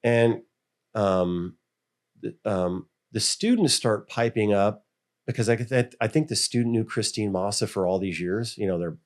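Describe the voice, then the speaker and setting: A man's voice: fairly low pitch, measured pace. A middle-aged American man, a school board member, telling stories in a casual interview and acting out the voices he quotes. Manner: animated, acts out quoted voices.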